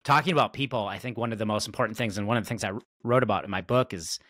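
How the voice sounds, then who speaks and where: A man with a low voice and a bright, forceful edge hosts a business interview. He sets up his questions by thinking out loud and sometimes trips over a word before finishing it. His voice sounds dry and close to the mic. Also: very fast, no room sound. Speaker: podcast host. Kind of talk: casual interview chat.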